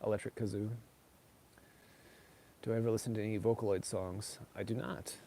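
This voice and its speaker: A middle-aged man answers his viewers in a loose, rambling chat, padding his sentences with "like" and "you know." His voice sits on the lower side and has a dark, mellow tone. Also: fairly even intonation, fast, slight background noise. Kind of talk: casual chat.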